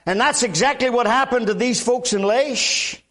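A man's voice: very high-pitched, normal speed, a bit bright. An older man from Alabama, preaching a sermon in a folksy way with repeated amens. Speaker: guest preacher.

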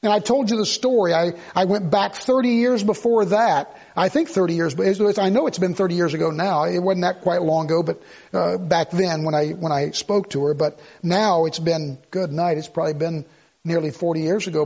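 A man's voice: fairly high pitch, normal speed, vocal fry, darkish tone. An older man preaching a sermon in an emphatic, repetitive, conversational way that rises to outbursts. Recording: dull lo-fi recording.

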